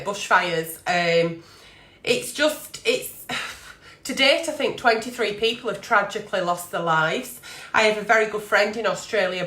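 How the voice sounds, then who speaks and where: A woman's voice: medium pitch, pushed and bright, echoey room. Emotional woman chatting live at home. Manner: emotional, rambling with many fillers. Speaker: host of a live stream. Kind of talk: casual live-stream chat.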